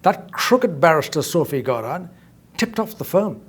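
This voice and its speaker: A man's voice: a little high, very animated, normal speed, slightly rough. A man making an emphatic, accusatory statement at a press conference, repeating his key phrases. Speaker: inventor speaking at a press conference.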